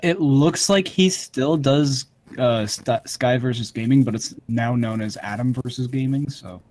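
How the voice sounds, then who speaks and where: A man's voice: mid-range voice, unhurried, darkish tone. A young man chatting with a friend during a game stream, swearing and laughing wryly. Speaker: gamer, video editor. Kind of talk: casual gaming banter.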